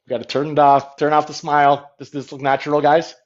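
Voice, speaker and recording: A man's voice: on the high side, little pitch movement, fast talker. Rambling, mock-boastful man on a livestream. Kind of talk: comedic livestream chat. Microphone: phone at arm's length. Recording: dull lo-fi phone stream.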